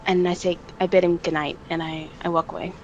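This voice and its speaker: A woman's voice: on the low side, level tone, brisk, muffled recording, slight background noise. A woman who is a tabletop game player, describing her character's actions in a subdued way.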